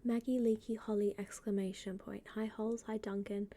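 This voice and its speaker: A woman streamer chatting casually with her viewers, greeting them by name and often dropping into a soft half-whisper. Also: medium pitch, level tone, brisk. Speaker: live streamer. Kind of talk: casual live-stream chat.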